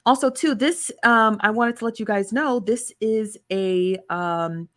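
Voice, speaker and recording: A woman's voice: fairly high pitch, a little slow. A woman hosting a casual livestream, chatty and blunt, with lots of slang, greeting her viewers one by one. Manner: frank and blunt, uses slang. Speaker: livestream host.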